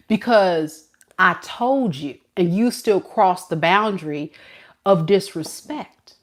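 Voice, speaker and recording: A woman who reads tarot, talking casually to camera with a preachy, colloquial delivery and drawn-out emphasis. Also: fairly low pitch. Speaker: tarot reader.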